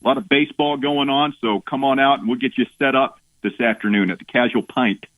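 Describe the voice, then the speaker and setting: A man's voice: mid-range voice, fairly even intonation, a little fast, a bit bright, no room sound, poor audio. A man, a regular on a talk radio show, chatting in an easygoing, plainspoken way. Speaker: radio co-host, regular contributor. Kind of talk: casual talk radio banter.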